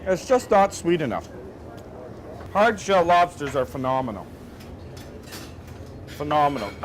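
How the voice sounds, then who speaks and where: Blunt cursing chef in a noisy kitchen. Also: male voice, on the high side, very animated, a little slow. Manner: blunt, swears freely. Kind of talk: kitchen chatter. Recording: kitchen noise behind the voice.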